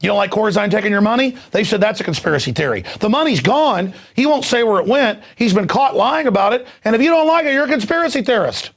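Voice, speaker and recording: A male talk show host delivering an angry, heated political rant, mocking and shouting at times. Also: high-pitched, expressive, fast, few pauses.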